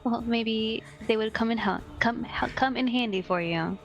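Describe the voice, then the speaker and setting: A woman's voice: on the high side, normal speed, faint music behind. Teasing woman at a game table, dull sound. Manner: teasing, playful. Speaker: player. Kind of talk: tabletop role-play.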